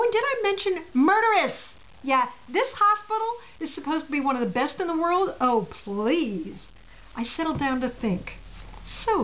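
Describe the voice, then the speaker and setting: A middle-aged woman telling a first-person story in a wry, sarcastic manner, heard on a dull lo-fi recording. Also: on the high side.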